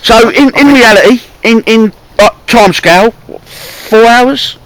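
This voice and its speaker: A man's voice: very high-pitched, measured pace, a crowd in the background, low-quality recording. A man chatting casually outdoors in the woods, asking questions and agreeing along. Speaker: companion in the woods. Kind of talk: casual chat.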